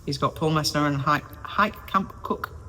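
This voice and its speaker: She has a low voice at normal speed that sounds pushed and bright. In her 40s and vlogging solo, she works on a small caravan renovation on a windy day, joking at her own expense and rambling off course to a stabilized camera that's sometimes far away. The recording has an echoey small-room sound and faint wind.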